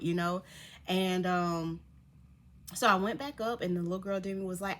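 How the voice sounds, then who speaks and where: A young woman vlogger telling a personal story to her viewers in a casual, animated way, laughing often and acting out what others said. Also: medium pitch, moderate pace.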